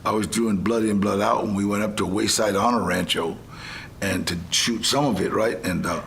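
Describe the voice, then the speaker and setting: A man's voice: on the low side, normal speed, gravelly, a little hiss or hum. An older man, a guest on a talk show, telling rambling stories in a casual way and acting out other people's lines. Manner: rambling, animated, acts out quotes. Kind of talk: casual storytelling.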